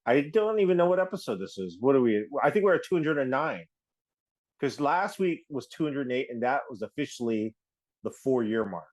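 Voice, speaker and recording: A man's voice: medium pitch, sing-song, a little fast, darkish tone. A man hosting a podcast, teasing his co-hosts in casual chat. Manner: teasing, joking. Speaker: podcast host.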